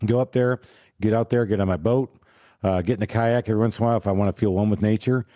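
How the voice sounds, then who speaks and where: Man, middle-aged, lowish voice, animated self-mocking storyteller, dry close sound. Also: fast talker, no echo. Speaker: podcast host. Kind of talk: casual chat.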